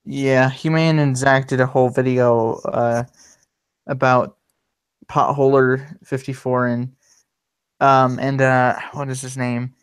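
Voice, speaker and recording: A man's voice: mid-range voice, little pitch movement, slow pace, clear, resonant tone. A man hosting a casual livestream, rambling with many fillers and restarts. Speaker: livestream host.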